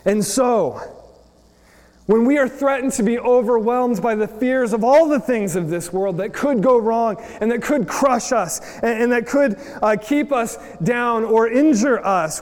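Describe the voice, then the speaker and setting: A man's voice: extremely high pitch, measured pace, darkish tone, big-room sound. A man in his thirties from the United States giving a chatty sermon, telling a story with many fillers. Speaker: preacher.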